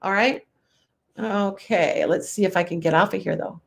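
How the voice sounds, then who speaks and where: A woman's voice: medium pitch, normal speed, vocal fry. Chatty, rambling woman tarot reader. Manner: rambling, chatty, frequent self-corrections. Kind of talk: live-stream reading.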